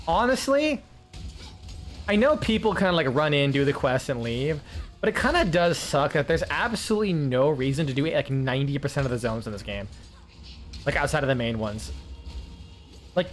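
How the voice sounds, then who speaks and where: Rambling, swearing man streaming a game. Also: fairly high pitch. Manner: rambling, swears often, many filler words. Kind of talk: casual gameplay commentary.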